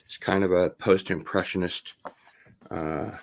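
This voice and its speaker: A man with a low, gravelly voice full of fry hosts a laid-back unboxing stream. He talks slowly and meanders while opening packages, drawing out his words and chatting to his audience as he goes. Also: steady tone. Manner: rambling, drawn-out, talks things over while opening packages. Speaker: vinyl record unboxing host. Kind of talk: casual livestream unboxing chat.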